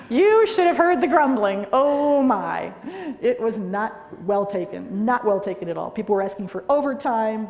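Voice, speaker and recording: A middle-aged woman giving a conference talk, telling anecdotes in a lively way and often checking in with "all right?". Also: mid-range voice. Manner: animated storytelling with frequent "all right?". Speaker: conference speaker. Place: large lecture hall. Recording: echoey hall reverb.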